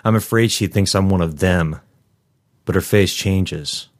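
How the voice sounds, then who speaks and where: A man narrating a first-person story in a measured, somber way. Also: low-pitched. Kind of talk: first-person fiction reading.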